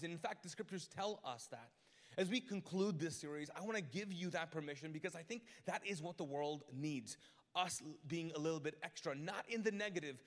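Animated pastor preaching in a reverberant church. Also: male voice, a little high. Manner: animated, conversational, humorous, with quick self-corrections. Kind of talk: storytelling sermon. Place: large church auditorium. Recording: live church recording with long reverb.

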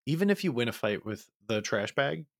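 Lively-voiced man with dry jokes. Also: medium pitch, a little fast, creaky. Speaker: podcast guest. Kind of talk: casual chat.

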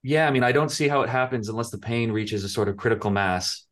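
A man's voice: medium pitch, fast. A man co-hosting a recovery podcast, who talks in a reflective, supportive way. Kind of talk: casual chat.

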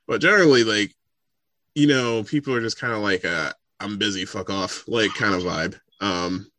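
A man's voice: on the low side, normal speed, pushed and bright, slight background noise. Swearing, laid-back American man. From Connecticut, USA. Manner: loose and profane, fills with "like", laughs often. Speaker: podcast guest, game designer. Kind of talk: casual chat.

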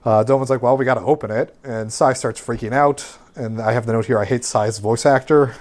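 A man's voice: mid-range voice, steady tone, a little fast, darkish tone. A man casually recapping an anime episode on a podcast, rambling with lots of fillers. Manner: rambling, filler-heavy summarizing.

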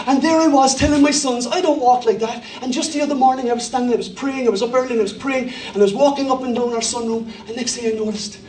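Middle-aged Cork Irish pastor, high voice, jokey storytelling sermon, recorded roomy and distant. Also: male voice, quick pace, hardly any pauses, a little hiss or hum. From Ireland. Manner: humorous storytelling, animated impressions.

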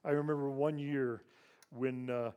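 A man in his sixties who grew up in Ivory Coast tells a personal story to a church audience. He speaks earnestly and drops to a hushed, emotional tone when recounting loss. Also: mid-range voice, steady tone, unhurried, clean tone.

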